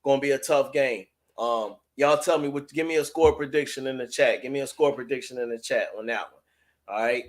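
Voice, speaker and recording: A man's voice: mid-range voice, brisk. A man hosting a sports talk live stream, chatting casually and loosely with viewers and reading their chat messages aloud.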